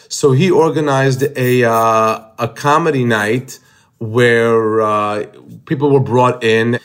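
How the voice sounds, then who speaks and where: Male comic guest, casual and halting, mid-range voice. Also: medium pitch. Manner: hesitant starts, repeated words. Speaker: guest comedian. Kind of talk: casual interview talk.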